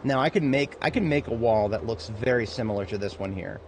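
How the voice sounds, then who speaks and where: A man with a somewhat low voice talks a bit quickly over game music and sound effects, with a faint hiss or hum in the audio. It's casual let's-play commentary on his own gameplay: he mutters to himself, swears a lot, and flips from mumbling to angry yelling.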